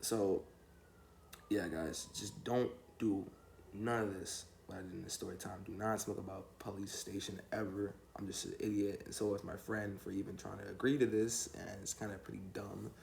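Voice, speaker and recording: Young man with a gravelly low voice. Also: little pitch movement, normal speed, darkish tone, a little hiss or hum. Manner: rambling, slangy, laid-back storytelling. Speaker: storytime vlogger. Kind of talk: casual storytelling.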